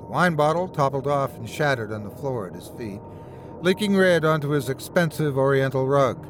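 A man narrating a horror story in a measured, dramatic way. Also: mid-range voice, expressive, background noise.

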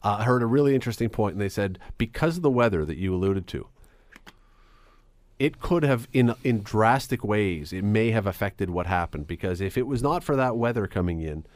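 A man's voice: fairly low pitch, lively intonation, fairly quick, no echo. A man hosting a radio sports talk show, chatting casually with many restarts and easy laughs.

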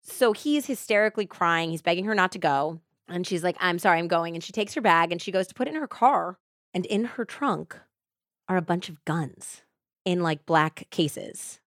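A woman's voice: lowish voice, expressive, moderate pace, no echo, studio quality. A woman hosting a podcast, casually retelling a true-crime case and peppering it with "like". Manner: chatty retelling with frequent "like". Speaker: podcast host.

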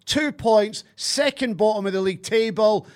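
A Scottish man hosts a casual football podcast and reads out the scores one by one. His voice sits fairly high. He keeps a steady, matter-of-fact delivery. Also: normal speed. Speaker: podcast host. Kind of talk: casual podcast chat and sponsor read.

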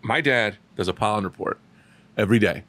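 A male stand-up comedian hosting a podcast, telling a story in a casual comedic way, laughing often and acting out shouted quotes. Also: fairly low pitch, fairly quick, dry recording.

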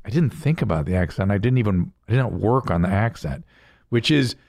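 A man's voice: on the low side, lively intonation, brisk, creaky, a little mellow. An older man hosting a podcast in casual chat, rambling and often breaking off mid-sentence. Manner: rambling, self-interrupting. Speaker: podcast host.

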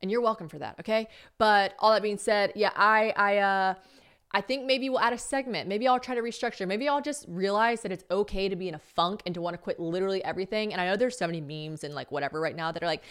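A young adult woman hosting a solo podcast, telling stories in a chatty, animated way, acting out quoted dialogue and swearing casually. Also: mid-range voice, quick pace, clear, resonant tone. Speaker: podcast host.

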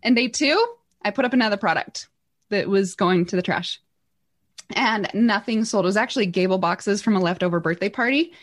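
A middle-aged woman, a podcast guest and entrepreneur, telling a personal story in an animated, earnest way. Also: medium pitch, brisk. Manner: animated, earnest, acts out quotes.

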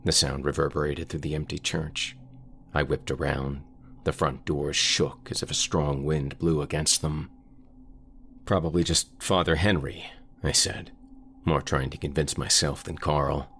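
A man narrating a scripted horror story in a measured, ominous way. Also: a bass voice, level tone, fairly bright tone, a little hiss or hum.

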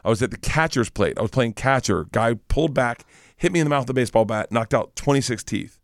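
A middle-aged man, a comedian guest, telling stories in an animated, profane way and acting out the voices, wired on too much coffee. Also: mid-range voice, fast, no room sound, clean studio sound. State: over-caffeinated, rattling on. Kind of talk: casual storytelling chat.

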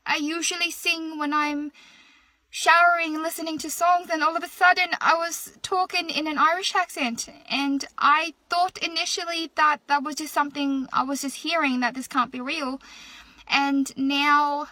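Bright young woman telling her story. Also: high-pitched, steady tone, normal speed, no room sound. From Australia. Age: 20s. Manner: earnest, recounting events step by step. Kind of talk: social media video monologue.

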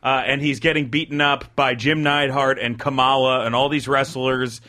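A man's voice: mid-range voice, little pitch movement, normal speed, sharp tone. A man co-hosting a podcast, chatting casually and laughing often as he defends his opinions. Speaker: podcast host. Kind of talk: casual chat.

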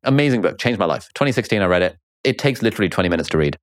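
Young British guest, very low and quick, animated and jokey. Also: male voice, no echo, studio quality. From Britain. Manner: fast, animated, jokey storytelling. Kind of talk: casual interview chat.

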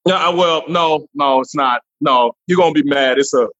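A man, a comedian guest, chatting casually and profanely in an animated interview. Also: a little high, normal speed. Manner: animated, profane, jumps into voices. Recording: dull lo-fi remote line.

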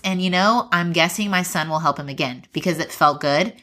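A woman's voice: on the low side, fairly even intonation, brisk, pushed and bright, no room sound, clean studio sound. A woman hosting a faith-based parenting podcast, talking in an earnest, chatty way and laughing easily. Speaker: podcast host. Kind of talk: casual podcast chat and ad read.

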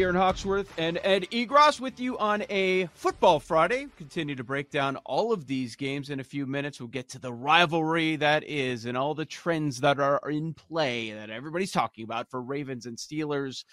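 A man hosting a sports betting podcast, introducing the crew and chatting in an animated way. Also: medium pitch, no room sound, studio quality. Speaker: podcast host. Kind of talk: sports betting talk show.

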